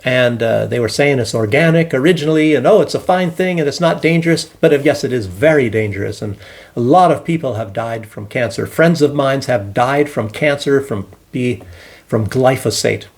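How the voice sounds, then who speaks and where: Rambling gravelly-voiced man commenting. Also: mid-range voice, normal speed. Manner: rambling, hesitant with many restarts. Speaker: commentary channel host. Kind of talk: casual solo commentary.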